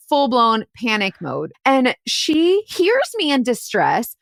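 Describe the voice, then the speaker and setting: A chatty woman private investigator tells a case story on her podcast, peppering it with "like" and "right?". Her fairly high voice swoops up and down. The recording is dry and close. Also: huge pitch swings, slow, creaky, hardly any pauses, no echo. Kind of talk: casual storytelling chat.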